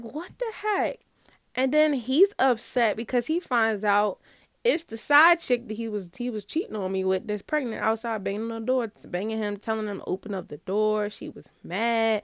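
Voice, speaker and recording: A young woman telling a personal story in casual chat, animated, laughing often and acting out what people said. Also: a little high, moderate pace, no echo, studio quality.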